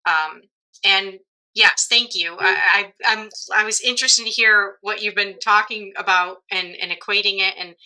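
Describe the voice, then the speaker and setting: Bright, reflective woman podcast host. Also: medium pitch, steady tone, moderate pace, clear, resonant tone, rough recording. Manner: reflective, laughs often mid-sentence. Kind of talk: casual conversational interview.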